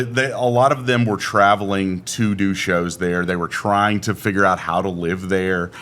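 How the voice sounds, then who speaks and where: A man's voice: deep voice, fairly even intonation, normal speed, few pauses, a bit bright. A man in his forties hosting a casual podcast chat, laid-back and swearing casually. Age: 40s. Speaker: podcast host.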